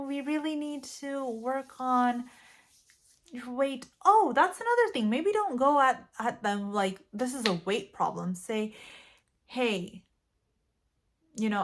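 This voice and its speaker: A young woman vlogger talking casually and animatedly, often acting out what to say. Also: fairly high pitch. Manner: chatty, animated, acts out quoted lines. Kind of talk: casual advice vlog.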